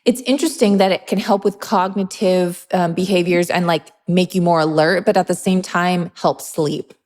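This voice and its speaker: A woman's voice: fairly low pitch, steady tone, moderate pace, darkish tone, in a large hall. A woman interviewing a guest in a casual podcast chat, telling stories and acting out the dialogue in them. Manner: chatty storyteller, acts out quoted dialogue.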